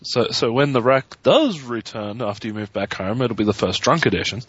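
A man's voice: mid-range voice, lively intonation, normal speed, fairly bright tone, husky. A man from Australia co-hosting an online talk show, teasing and sardonic. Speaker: radio show co-host. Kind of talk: casual talk radio banter. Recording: dull lo-fi online call audio.

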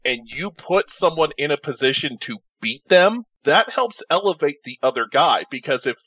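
A man talking through wrestling storylines on a podcast, thinking out loud. His voice is bright and a bit muffled, close and dry with no room. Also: fairly high pitch, lively intonation, normal speed, breathy edge, no room sound. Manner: thoughtful, speculative storytelling. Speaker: podcast co-host. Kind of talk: casual wrestling analysis chat.

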